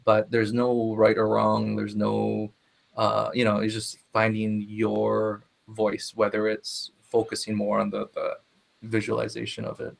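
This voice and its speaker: A man with a slightly low, gravelly voice talks easily on a live panel. He pauses often and fills the gaps with "you know". His tone stays relaxed and unhurried. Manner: relaxed, hesitant, many fillers. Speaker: ukulele teacher. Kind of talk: casual panel chat.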